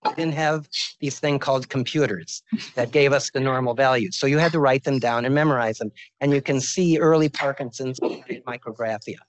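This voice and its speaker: A man's voice: mid-range voice, no echo, rough recording. A man in his sixties giving a medical lecture as a visiting professor, informal and joking, telling stories from his career.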